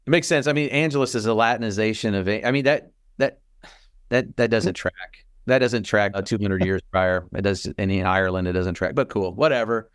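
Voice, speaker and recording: Dude co-hosting a tv podcast, smooth voice, dead dry sound, acts out quotes. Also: male voice, fairly low pitch, a little fast, no room sound. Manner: animated, quotes lines in put-on voices. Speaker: podcast co-host. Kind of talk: casual chat.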